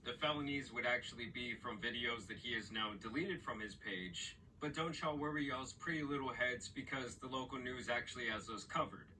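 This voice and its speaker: A man's voice: mid-range voice, brisk, hardly any pauses, sharp tone, recorded from a distance, a little hiss or hum, low-quality recording. A man giving casual reaction commentary in a blunt, profane, mocking way. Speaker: commentary YouTuber.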